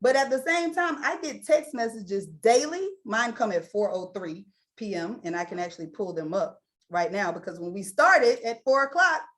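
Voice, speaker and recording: A woman hosting an online presentation on a video call, energetic and chatty with laughing asides. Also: mid-range voice, moderate pace. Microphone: computer mic, sharing screen.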